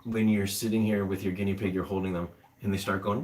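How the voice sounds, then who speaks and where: A man's voice: deep voice, little pitch movement, fairly quick, darkish tone, slight background noise. Rambling man chatting on a live stream. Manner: rambling, filler-heavy, answers chat comments. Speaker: animal rescuer streaming to viewers. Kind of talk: casual live stream chat. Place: home room with pets. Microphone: camera on upside-down tripod.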